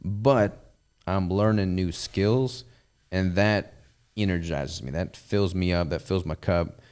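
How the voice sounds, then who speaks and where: A podcast host who runs a business chats casually and ramblingly about it, his Southern US accent relaxed and easygoing. The voice sits low and is smooth and slightly mellow, and he takes things slowly.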